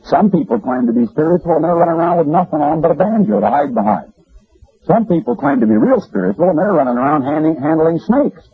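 A man preaching a radio sermon in an animated, folksy and emphatic way, with a gravelly voice. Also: on the high side, fast talker. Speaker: radio Bible broadcaster. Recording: lo-fi radio broadcast.

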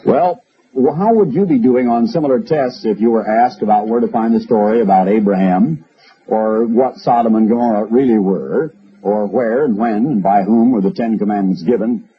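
A man's voice: fairly low pitch, moderate pace. A man giving a broadcast sermon on the radio, emphatic and wry, spinning stories and asides. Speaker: radio preacher. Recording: dull lo-fi radio recording.

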